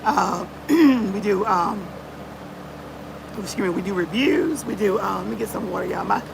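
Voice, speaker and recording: A woman's voice: mid-range voice, lively intonation, a little slow, vocal fry, noisy background. A woman hosting a casual live chat on her channel, greeting viewers by name and peppering her talk with "y'all". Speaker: livestream host.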